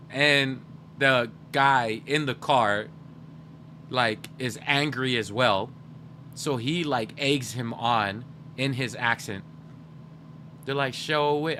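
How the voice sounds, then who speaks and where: A young man hosts a game livestream and rambles easily to his chat. His voice sits at a middle pitch with a bright, forward tone. He jokes around as he talks. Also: slight background noise. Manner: joking, rambling, talking to chat. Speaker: game streamer.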